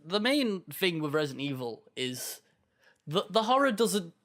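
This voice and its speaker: A man's voice: sits high, big pitch swings, moderate pace, a bit bright. A man co-hosting a podcast, chatting in an easygoing, rambling way. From United Kingdom. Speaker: podcast co-host. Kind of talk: casual chat.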